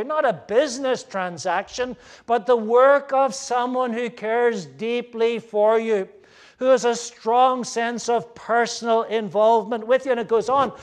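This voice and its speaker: A man preaching a sermon to a gathered audience, earnest and emphatic, moving between loud stresses and hushed asides. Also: very high-pitched, steady tone, unhurried.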